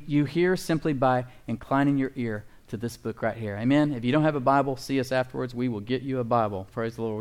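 A man's voice: mid-range voice, clear, resonant tone. A male pastor preaching a sermon in an emphatic way, often calling out to his congregation for an amen.

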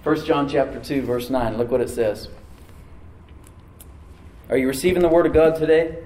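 A man's voice: mid-range voice, moderate pace, darkish tone. A male pastor preaching to a congregation in a church, talking in a loose, conversational way and often checking in with "Amen?". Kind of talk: sermon. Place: church room before a congregation. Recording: echoey room, mic at a distance.

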